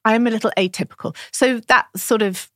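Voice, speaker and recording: A woman's voice: on the high side, brisk, no echo, studio quality. A woman who works as a doula, chatting casually on a podcast and telling a story, acting out what others said to her. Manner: animated storyteller quoting others.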